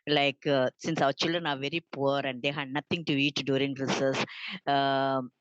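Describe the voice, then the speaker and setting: A woman speaking on a video call panel in an earnest, halting way with many fillers. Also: very deep voice, little pitch movement, dry recording. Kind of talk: unscripted panel talk. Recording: dull lo-fi video call audio.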